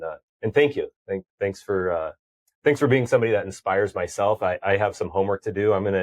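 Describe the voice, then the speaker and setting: A man with a deep, low voice shares his thoughts slowly and haltingly on a podcast, often pausing on fillers. The recording is dry and close, with no echo. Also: a little mellow. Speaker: podcast co-host. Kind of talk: conversational podcast chat.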